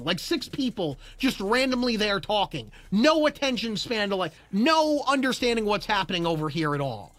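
A young man livestreaming, telling a story in animated chat and acting out both sides with bursts of disbelief. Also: high-pitched. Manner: acts out both sides of a story, rising to near-shouts in disbelief.

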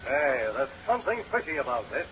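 An actor playing a gruff, bossy, suspicious ship officer in 1930s radio comedy. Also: male voice, medium pitch, very animated, brisk, slight background noise, close to an everyday voice. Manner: gruff, bossy, barking orders. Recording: muffled 1930s radio recording.

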